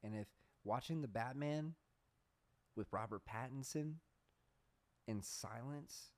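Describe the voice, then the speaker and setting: A man hosting a podcast, talking in a casual, profane, deadpan sarcastic monologue. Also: medium pitch, slow pace. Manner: deadpan sarcastic, profane, says "bro" a lot. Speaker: podcast host.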